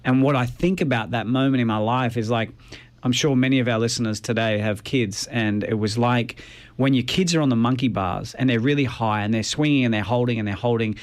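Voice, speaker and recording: A man's voice: medium pitch, fairly quick. A middle-aged man, earnestly recounting his faith journey as an interview guest. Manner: earnest, reflective storytelling. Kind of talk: personal testimony interview.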